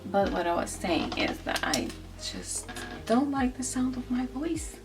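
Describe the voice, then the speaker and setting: Her fairly high voice is sing-song and unhurried. This art vlogger, raised in the Netherlands from age thirteen, colors at an indoor desk while chatting softly and self-deprecatingly, rambling and laughing often; a distant overhead camera records her with soft music in the background.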